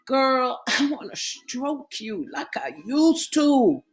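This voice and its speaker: A woman's voice: sits high, big pitch swings, takes it slowly, faint music behind, pitched above the performer's own voice, exaggerated voice. A woman reading a romance audiobook, voicing a grown man lover who pleads and prays with heavy emotion. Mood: distraught. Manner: emotional, pleading, breaking into cries.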